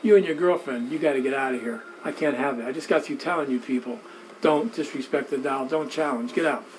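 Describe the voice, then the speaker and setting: A man acting out a stern older museum owner in an animated retelling. The voice sits a touch higher than his usual telling and comes out firm and commanding, with some force behind it. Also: fairly quick, slight background noise, natural voice, low-quality recording. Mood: scolding.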